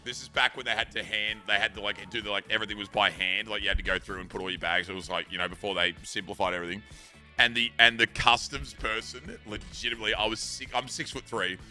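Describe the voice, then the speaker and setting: A man's voice: on the low side, fairly even intonation, fast, sharp tone, soft background music. A man with an Australian accent chatting casually on a stream, rambling through stories in a laid-back, swearing manner.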